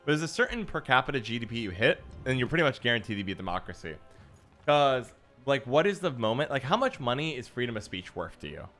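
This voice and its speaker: A man's voice: medium pitch, big pitch swings, fast, a bit bright, faint music behind. A man livestreaming a card game, chatting casually with his viewers in a musing, self-deprecating way. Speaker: streamer. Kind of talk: casual livestream chat while gaming.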